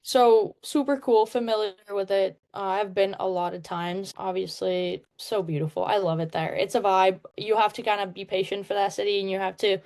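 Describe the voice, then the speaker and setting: A woman's voice: mid-range voice, fairly even intonation, normal speed, hardly any pauses, darkish tone. Young Czech-born woman, twenties, upbeat and chatty, casual interview guest. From Czech Republic. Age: 20s. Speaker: guest, hockey player.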